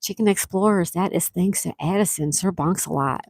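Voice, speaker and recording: A woman hosting a live stream, reading chat comments and excitedly thanking viewers, with frequent gasps. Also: on the low side, moderate pace, vocal fry, no echo, studio quality. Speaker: livestream host.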